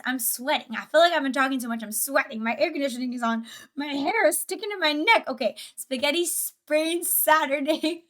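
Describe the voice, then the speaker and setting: A woman's voice: high voice, a bit bright. A young woman streaming a reaction video, chatting casually with a bubbly, giggly and easily sidetracked manner. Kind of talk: casual livestream reaction chat.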